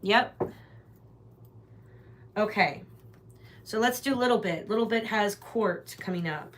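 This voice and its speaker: Her voice is mid-range and a bit bright, and she speaks a little slowly. This tarot reader runs a livestream, rambling in a chatty way and addressing her viewers directly.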